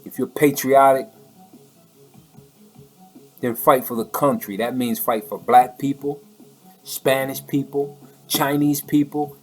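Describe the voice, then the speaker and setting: A man's voice: medium pitch, flat delivery, takes it slowly, long pauses. Heated man ranting, faint music. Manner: heated, preachy, colloquial, repeats words. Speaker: political commentator. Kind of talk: impassioned monologue.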